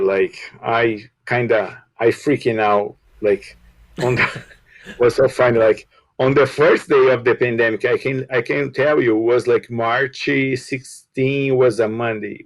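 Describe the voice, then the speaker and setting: A balloon shop owner and guest, telling a casual story in halting with grammar and repeated words. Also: male voice, medium pitch, no room sound, rough recording. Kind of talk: casual storytelling on a live show.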